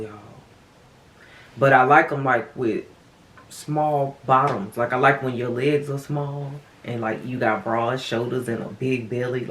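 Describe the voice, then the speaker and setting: A woman's voice: low-pitched, echoey room. A woman vlogger chatting casually to viewers while eating, calling them y'all, her voice swinging up and down. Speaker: mukbang vlogger.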